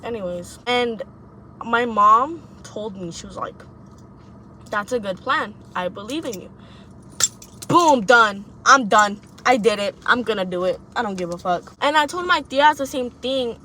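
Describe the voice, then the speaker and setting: Bright-voiced young woman, blunt and profane. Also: on the high side, animated, normal speed, a little hiss or hum. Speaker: vlogger giving advice. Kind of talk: casual monologue to camera.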